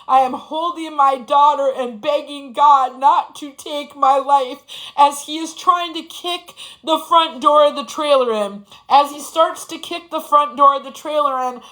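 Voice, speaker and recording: A woman's voice: high voice, fairly even intonation, measured pace, hardly any pauses, pushed and bright, rough recording. A woman in her forties giving an impassioned, profane personal testimony, repeating phrases for emphasis. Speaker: speaker sharing her story.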